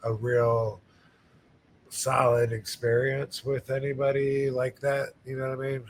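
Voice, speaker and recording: A man's voice: mid-range voice, a little slow. A man in his fifties from Michigan, hosting a casual podcast chat and telling loose stories with lots of fillers. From USA, Michigan. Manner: relaxed, rambling storytelling with many fillers. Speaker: podcast host, wrestler.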